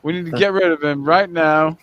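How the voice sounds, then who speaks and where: A man's voice: fairly high pitch, steady tone, brisk, muffled recording, close to an everyday voice. A man putting on a blunt Cockney ranter. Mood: ranting. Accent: Cockney impression. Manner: blunt, dismissive rant. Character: man mimicking a London Cockney friend.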